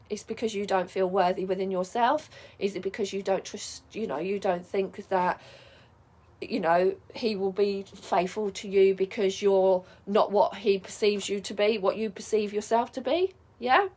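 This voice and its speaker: A woman's voice: mid-range voice, moderate pace, a little mellow. A middle-aged woman coaching viewers in a casual advice vlog, chatty and reassuring, often checking in with "yeah?". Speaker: spiritual life coach.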